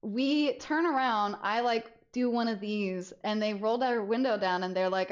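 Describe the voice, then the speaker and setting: A young adult woman streamer telling a story in casual chat, animated and often laughing as she goes. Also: mid-range voice, normal speed, hardly any pauses, muffled recording. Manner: animated, laughs through the story, frequent restarts.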